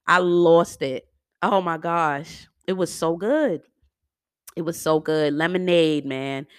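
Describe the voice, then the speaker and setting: A woman talking casually and animatedly in a solo monologue, slangy and quick to laugh, with features. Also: on the low side, clean tone, dry recording, clean studio sound.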